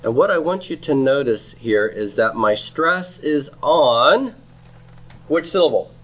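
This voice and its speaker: A man's voice: mid-range voice, expressive, unhurried, fairly bright tone. A man teaching a Hebrew grammar class, explaining step by step and checking in with students through frequent "okay?" and "right?". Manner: repeats and restarts phrases while explaining. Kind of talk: classroom lecture.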